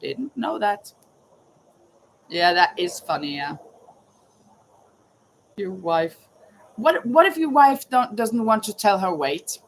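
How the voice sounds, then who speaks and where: A woman's voice: mid-range voice, lively intonation, slow pace, long pauses, a little hiss or hum, low-quality recording. A woman hosting a casual live chat, reading trivia questions aloud and greeting viewers by name. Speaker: livestream host running a trivia quiz.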